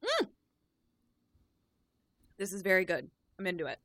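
A woman's voice: medium pitch, wildly swooping pitch, measured pace, fairly bright tone, no room sound. A woman co-hosting a comedy podcast, chatting playfully with lots of fillers. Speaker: podcast co-host. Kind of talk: casual chat.

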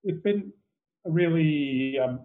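A man with an Australian accent, a guest in an interview, telling stories in a relaxed, measured way. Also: fairly high pitch, phone-quality sound. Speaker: guest, company CEO. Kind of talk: casual interview chat.

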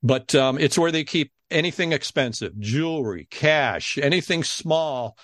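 A man who is a guest on a podcast, telling a story in a casual, animated way and acting out the people he quotes. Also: fairly high pitch, measured pace, no room sound, clean studio sound.

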